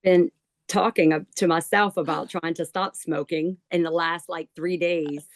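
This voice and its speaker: A woman client answering a psychic's questions in brief, soft-spoken replies. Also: fairly low pitch, steady tone, moderate pace. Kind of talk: answering a reading.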